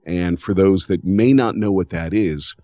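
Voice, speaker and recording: A man's voice: deep voice, a little slow, dark tone, no echo, dull audio. A man in his fifties from Ohio, a voiceover artist chatting as an interview guest, telling stories animatedly and laughing often. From Cleveland, Ohio. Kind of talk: casual interview chat.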